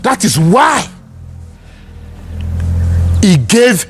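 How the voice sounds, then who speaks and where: A man's voice: high-pitched, big pitch swings, drawn-out words, slightly rough, faint music behind. A man with a Nigerian accent giving heated, angry political commentary, ranting and repeating himself. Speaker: online news commentator.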